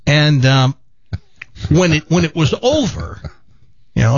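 A man hosting a radio talk show, telling a story in a lively, laughing way with lots of restarts. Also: a little high, slow, no echo, muffled recording. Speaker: radio host. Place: radio studio. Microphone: studio mic with headphones.

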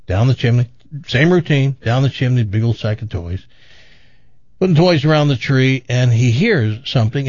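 Husky-voiced male radio host. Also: mid-range voice, no echo, highs cut off. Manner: chatty storyteller, lively and playful. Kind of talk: casual radio banter and joke-telling.

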